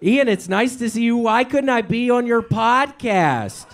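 High-voiced rambling comedian. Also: male voice, animated, measured pace. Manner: loud, rambling, breaks into shouts. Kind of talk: stand-up set, then panel chat. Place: live comedy club stage.

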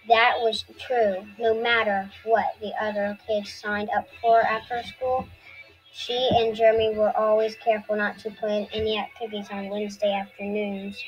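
Female reader, plain mid-pitched voice, informal read-aloud of a children's book, lo-fi recording. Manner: unpolished reading with restarts and asides.

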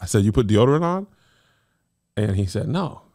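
A man's voice: on the low side, moderate pace. A middle-aged man co-hosting a casual comedic chat, telling family stories with playful exaggeration. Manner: animated storytelling, playful exaggeration. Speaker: podcast co-host.

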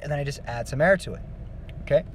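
A man giving a casual singing lesson, explaining vocal technique in a relaxed, rambling way with many fillers. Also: a little high, fast, heavy background noise. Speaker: vocal coach.

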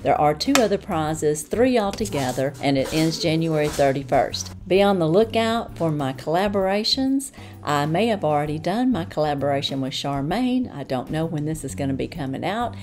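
A woman's voice: sits low, lively intonation, normal speed, a little mellow, soft background music. A woman with a Southern accent chatting enthusiastically through an unboxing review in a homey way. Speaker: unboxing vlogger. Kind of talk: casual product review.

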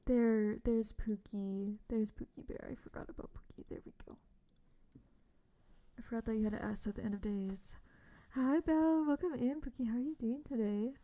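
A young woman streaming a game, chatting casually and bubbly with her viewers, often dropping to a soft whisper. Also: on the high side, normal speed. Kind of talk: casual livestream chat. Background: faint background music.

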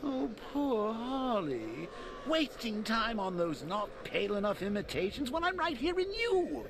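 An actor playing a sneering male clown villain who gloats slowly and theatrically. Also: high voice, sing-song, background noise, exaggerated voice. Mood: gloating. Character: sneering dead male clown villain haunting a hero's mind.

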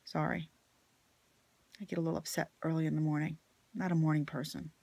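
A woman venting in an angry, profane rant to her viewers, blunt and swearing often, swinging between loud outbursts and quiet asides. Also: low-pitched, little pitch movement, brisk, gravelly, husky, no echo. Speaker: vlogger. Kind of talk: profane ranting monologue to camera.

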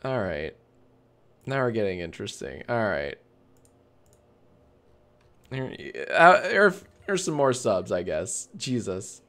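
A man's voice: on the low side, sing-song, slow pace, long pauses, a bit bright. Laughing, swearing male streamer. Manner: swears freely, breaks into laughter, rambling restarts. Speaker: livestream host. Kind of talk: casual live-stream chat, reading chat aloud.

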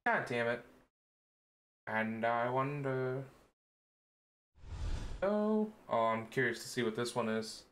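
A man streaming a game, excitable and swearing often as he plays. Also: mid-range voice, takes it slowly, long pauses, reverberant, slight background noise. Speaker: gaming streamer. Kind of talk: let's play commentary.

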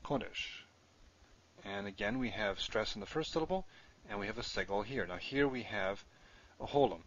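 Low-voiced man teaching a grammar lesson. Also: animated, normal speed, muffled recording. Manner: explains step by step while writing on screen. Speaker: Hebrew teacher.

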